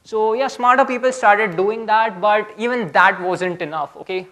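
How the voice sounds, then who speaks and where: A man's voice: sits high, moderate pace, pushed and bright. A young man giving a casual, chatty technical talk at a conference, often checking in with "okay?". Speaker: conference speaker.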